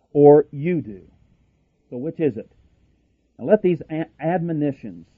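A man's voice: mid-range voice, dry recording. A man preaching a sermon emphatically, with rhetorical questions, asides and frequent restarts. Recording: dry, tinny radio broadcast.

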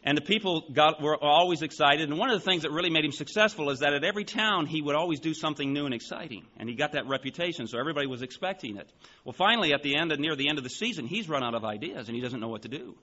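A man in his forties preaching a sermon, telling a story with animated emphasis. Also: fairly high pitch, racing, lo-fi sound, slight background noise. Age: 40s. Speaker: pastor.

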